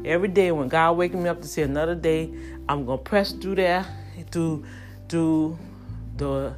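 A woman's voice: low-pitched, moderate pace, soft background music. A woman hosting her own podcast, sounding out of breath and speaking in a fervent, preacherly way that repeats phrases. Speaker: podcast host. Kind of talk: casual podcast talk with prayer.

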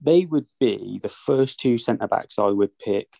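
A man's voice: lowish voice, a little slow, vocal fry, warm tone, no echo. A man co-hosting a football podcast, given to exasperated rants. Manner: ranting, exasperated. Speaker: podcast co-host. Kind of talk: casual football chat.

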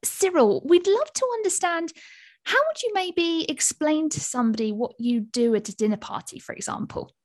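A woman with a high, lively voice that rises and falls a lot, co-hosting a podcast. She asks questions in a bright, friendly way, and the pitch swings widely. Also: moderate pace. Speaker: podcast co-host. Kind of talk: scripted podcast hosting and interviewing.

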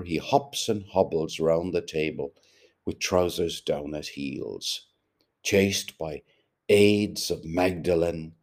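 A male narrator reading a literary novel in a measured, deliberate way. His voice is very deep and he takes his time over every phrase. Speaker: audiobook narrator.

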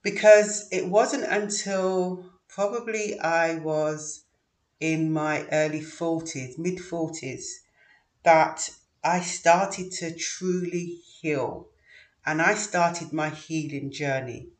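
A middle-aged man speaking in a reflective personal monologue, earnest and measured, with frequent pauses. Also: on the high side. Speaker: vlogger sharing personal story. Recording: echoey room.

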